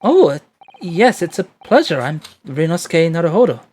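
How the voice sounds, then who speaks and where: Guy reading a nice nervous young lawyer, kinda flustered, lively pitch. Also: moderate pace, breathy edge. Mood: earnest. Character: earnest young male Japanese defense lawyer.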